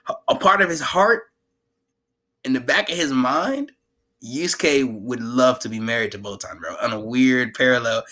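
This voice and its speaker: A man giving a casual, animated anime recap in heavy slang, laughing often. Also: mid-range voice. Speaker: anime commentator.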